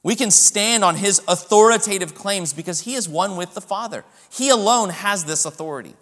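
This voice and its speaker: Guy preaching a sermon, emphatic, fairly high voice, big echoey church sound. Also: moderate pace, fairly bright tone. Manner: emphatic preaching with rising stresses. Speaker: pastor.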